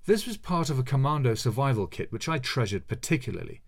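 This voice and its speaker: A man's voice: mid-range voice, sing-song, quick pace. A middle-aged man reading a memoir-style story aloud in a dry, wry narrating manner. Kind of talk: scripted audiobook narration.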